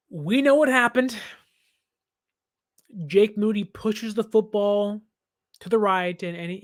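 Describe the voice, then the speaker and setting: A man in his twenties with a high voice hosts a sports reaction show. He speaks with emphasis and passion, laughing now and then.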